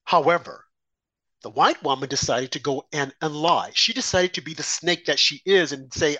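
A man's voice: a little high, normal speed, pushed and bright, dry recording. A man hosting a political talk show, speaking emphatically and repeating his points. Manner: emphatic, repetitive, indignant. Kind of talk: political commentary.

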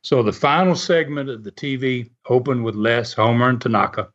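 A man's voice: medium pitch, moderate pace, a bit bright. A man telling wrestling stories in a casual, rambling way, full of fillers and chuckles. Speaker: wrestling history storyteller. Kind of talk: casual storytelling. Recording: dull lo-fi sound.

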